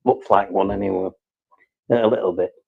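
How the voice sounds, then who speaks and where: Gravelly, husky man. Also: deep voice, fairly even intonation, moderate pace, narrow, tinny audio. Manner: rambling, sweary, teasing. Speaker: live stream host. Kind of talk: casual live-stream chat.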